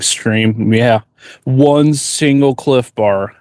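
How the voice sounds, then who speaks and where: Man, blacksmith streamer. Casual, rambling chat at a mid-range pitch, with a dry close sound. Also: moderate pace, dry recording. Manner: laid-back, rambling, reads viewer questions aloud. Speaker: blacksmith livestreamer. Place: forge workshop.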